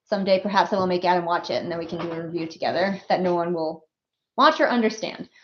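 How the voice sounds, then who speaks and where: A woman hosting a casual livestream as an author, chatty and quick to laugh, full of little asides. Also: fairly low pitch, a little hiss or hum. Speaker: author hosting a book release stream. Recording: slightly muffled stream audio.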